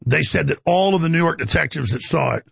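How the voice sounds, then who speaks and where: Male talk host, gravelly and husky, fairly high, rambling rant, dry studio sound. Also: fast, no room sound. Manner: rambling, animated, indignant. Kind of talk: ranting monologue.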